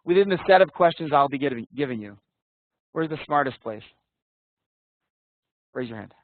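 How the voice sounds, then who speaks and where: A man's voice: medium pitch, lively intonation, moderate pace, dry recording. Blunt man teaching over a call. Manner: casual, blunt, swears, quizzes students. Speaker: interview prep instructor. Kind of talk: online class teaching. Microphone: video call. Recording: tinny dry call audio.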